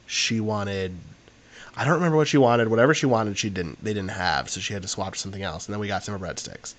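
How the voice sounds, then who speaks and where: A young man tells a meandering story on a podcast. His voice sits a little low, and he piles on fillers as he talks in a loose, chatty way. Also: fast talker. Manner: rambling, animated anecdote with frequent fillers. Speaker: podcast co-host. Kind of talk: casual storytelling chat.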